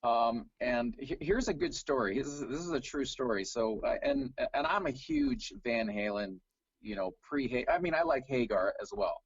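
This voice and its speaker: Husky-voiced man telling stories casually. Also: mid-range voice, moderate pace, no room sound, lo-fi sound. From Canada. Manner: relaxed storytelling with fillers. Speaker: guest, tribute singer. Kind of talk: casual video call interview.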